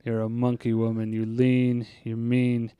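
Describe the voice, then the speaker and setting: A man voicing a sly, odd assistant groundskeeper who mutters in a low drawl. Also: completely flat delivery, unhurried, dark tone, smooth, no room sound, lightly acted. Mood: muttering.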